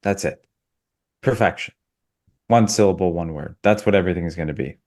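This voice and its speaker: Low-voiced guy on a podcast, sardonic rambling rants, super casual. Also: normal speed, darkish tone. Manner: sardonic, absurdist ranting. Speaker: podcast co-host.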